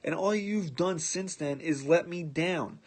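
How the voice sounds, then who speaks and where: On his podcast, a male host launches into a blunt, sarcastic rant about sports, mocking the people he discusses. His voice is a little high and his delivery a little slow.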